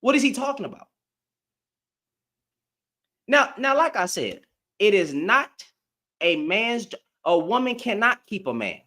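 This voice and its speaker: A man's voice: high voice, very animated, a little slow, long pauses, sharp tone. A man hosting a live stream, ranting back at commenters in slangy, confrontational talk and repeating lines for emphasis. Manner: addresses commenters directly, slangy.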